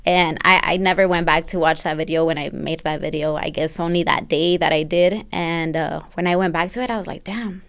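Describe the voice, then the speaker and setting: A woman who owns a barbershop, a podcast guest, telling her story in a relaxed, rambling way full of fillers. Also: sits low, brisk, few pauses, clear, resonant tone. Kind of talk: casual chat.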